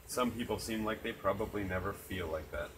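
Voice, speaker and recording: Man, lower voice, earnest and reflective, casual swearing; outdoor night take with loud crickets. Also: brisk, a little hiss or hum, poor audio. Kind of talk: casual chat. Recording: crickets chirping loudly behind.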